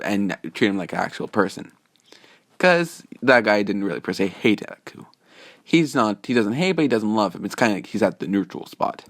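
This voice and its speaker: A man's voice: lowish voice, animated, a little fast, dry recording, studio quality. A man casually narrating a fan-made story, rambling, restarting sentences and padding with "just saying".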